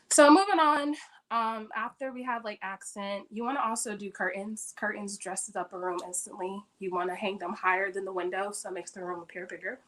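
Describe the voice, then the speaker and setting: A woman's voice: mid-range voice, a bit bright. A woman talking as an interior decorator, giving casual home decorating tips in a chatty, upbeat way straight to her audience. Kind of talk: casual how-to talk. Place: her bedroom.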